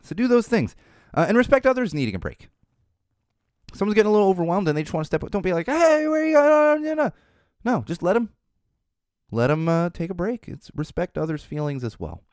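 A man's voice: a little high, sing-song, fast talker, long pauses, a little mellow, dry recording, clean studio sound. A man hosting a casual solo podcast, rambling with a wry tone and restarting his sentences often. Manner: rambling, wry, repeats words while restarting. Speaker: podcast host.

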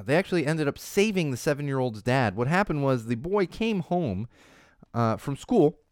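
A man's voice: medium pitch, dry recording, studio quality. A man, hosting a casual live-streamed talk show, chatty and rambling, often restarting his sentences. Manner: chatty, rambling, self-interrupting. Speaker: show host. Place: studio in Los Angeles.

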